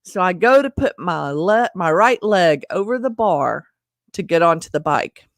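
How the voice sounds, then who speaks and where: A woman's voice: lowish voice, expressive, a little slow, dry recording, clean studio sound. A woman vlogger telling a personal story in a chatty, self-deprecating way, speaking straight to her viewers. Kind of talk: casual storytelling to camera.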